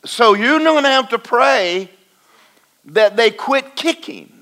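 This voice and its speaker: Animated preacher, high and lively. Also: male voice, takes it slowly. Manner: folksy, animated preaching with swings from loud to quiet. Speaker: pastor. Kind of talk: sermon. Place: church in front of a congregation.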